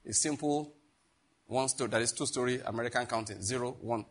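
A middle-aged pastor with a medium-pitched voice teaches a sermon at a brisk pace. His style is conversational and joking, and he asks the congregation questions.

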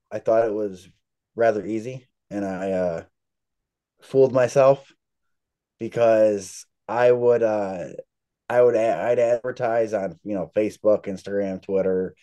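A man with a fairly low, warm voice is interviewed as an author in a casual chat. He's a chatty storyteller, telling long, rambling stories.

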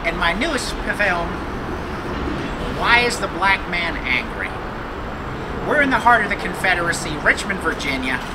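A man's voice: high voice, big pitch swings, moderate pace, pauses often, heavy background noise. A man playing an earnest, awkward documentary filmmaker, interviewing people on a city street. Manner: earnest, awkward, probing questions.

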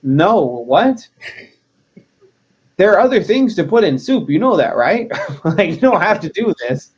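A man's voice: sits high, sing-song, a little fast, husky. A man, a wrestler as interview guest, chatting casually in a joking, self-deprecating way.

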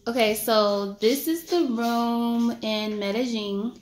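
A woman vlogging her family vacation in a chatty, relaxed way, talking to the camera and a bit out of breath. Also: on the high side, slow pace, rough recording. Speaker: travel vlogger. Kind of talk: casual vlog narration.

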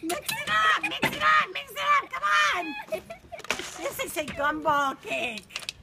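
A woman's voice: high-pitched, expressive, unhurried. An older woman doing an impression of a famous TV chef in a playful mock cooking demo, fluttery and exclaiming as she bosses her helper in a home kitchen. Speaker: grandmother hosting a mock cooking show. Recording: home video with loud background noise.

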